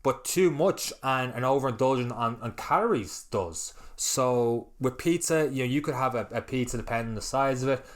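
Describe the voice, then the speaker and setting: A man talking casually on a podcast, rambling and animated, acting out little quoted exchanges. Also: medium pitch, normal speed, hardly any pauses. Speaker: podcast host.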